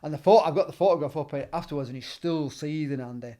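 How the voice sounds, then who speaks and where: A middle-aged man with a Northern English accent, telling stories in a relaxed chat as a gym owner and trainer, acting out the lines he quotes. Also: on the high side, fast. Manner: animated, acts out quoted dialogue. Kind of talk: casual storytelling.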